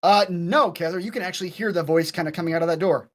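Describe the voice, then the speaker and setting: A man running a tabletop role-playing game as game master, talking haltingly with lots of fillers. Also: sits high.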